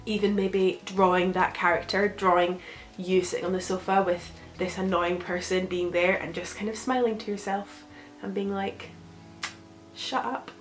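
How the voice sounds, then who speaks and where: A young woman talking gently and reflectively to camera, giving casual advice with a rambling, filler-filled manner. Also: on the low side, level tone, normal speed. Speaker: vlogger. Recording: echoey room with faint music.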